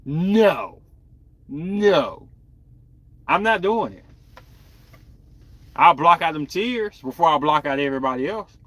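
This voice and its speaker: Bright-voiced man chatting candidly. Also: on the high side, very animated, takes it slowly, long pauses, no room sound. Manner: candid, rambling, talks to viewers. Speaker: podcast host. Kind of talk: casual live-stream chat.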